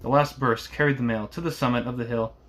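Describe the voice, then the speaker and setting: A man reading a classic novel aloud in a steady voice, with occasional small slips. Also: mid-range voice, quick pace. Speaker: reader.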